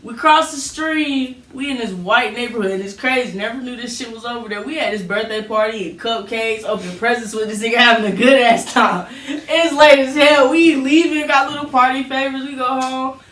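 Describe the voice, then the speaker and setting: A man in casual chat, telling lively childhood stories and acting out what people said. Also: very high voice, normal speed, hardly any pauses. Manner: lively storyteller, acts out voices. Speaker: co-host. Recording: roomy, distant from the mic.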